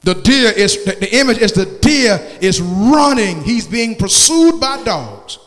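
Preacher, male: high voice, slow drawn-out delivery, shouts to whispers, long church-hall reverb. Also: big pitch swings, faint music behind. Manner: call-and-response preaching, swinging from shouts to hushed tones. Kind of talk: sermon. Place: church sanctuary.

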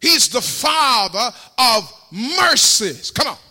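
A man preaching a sermon in a church, repeating phrases in call-and-response and rising to shouts. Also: extremely high pitch, sing-song, slow. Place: church sanctuary. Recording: long hall reverb.

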